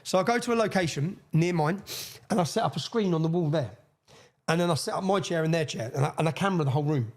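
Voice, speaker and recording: A man, a podcast guest telling a long story with energy, swearing and acting out the people he quotes. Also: fairly high pitch. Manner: fast, excitable, swears, acts out quoted voices. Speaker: interview guest. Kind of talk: animated storytelling in a podcast interview.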